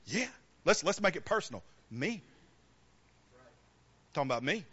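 A man's voice: on the high side, very animated, moderate pace, pauses often, fairly bright tone, breathy edge, dull audio. A man preaching a sermon, emphatic and calling out questions to the congregation.

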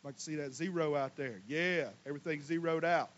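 High-voiced preacher. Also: male voice, a little fast, lo-fi sound. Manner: animated preaching, swings from loud emphatic to quiet asides; folksy, casual Southern US speech. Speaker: pastor. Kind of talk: sermon.

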